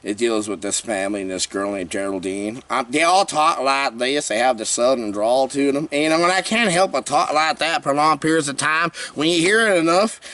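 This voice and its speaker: A man's voice: fairly high pitch, fairly bright tone, distant mic. A man giving a rambling, jokey horror movie review, breaking into panicked screaming skits. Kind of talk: comedic movie review vlog.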